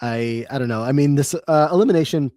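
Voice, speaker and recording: A man's voice: medium pitch, fast talker, no room sound. Rambling male podcast co-host, dry sound. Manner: relaxed, rambling with many fillers. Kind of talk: casual podcast recap chat.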